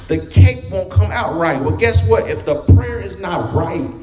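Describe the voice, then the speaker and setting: A man preaches a sermon in a folksy, conversational style, using quoted voices and humor. His voice sits high and animated, a little slow, recorded in an echoey room with background music.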